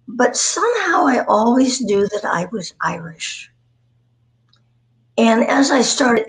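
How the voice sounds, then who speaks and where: A woman's voice: mid-range voice, low-quality recording. A woman in her nineties, a voice performer, telling rambling anecdotes with self-deprecating humor in a chatty interview. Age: 90s. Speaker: guest, voice performer.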